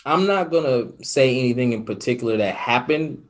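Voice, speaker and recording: A man's voice: mid-range voice, animated, normal speed. A young man talking earnestly as an interview guest, reflective and full of fillers. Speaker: guest, podcaster and radio host. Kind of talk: casual interview talk.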